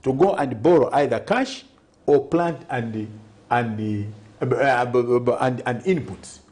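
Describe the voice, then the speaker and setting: A man's voice: mid-range voice, slow pace, a little mellow. A party president speaking in a TV studio interview, arguing his case point by point, often checking in with "Okay?" and stumbling on the odd word. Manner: emphatic, argues point by point and keeps asking "Okay?". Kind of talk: TV interview answers.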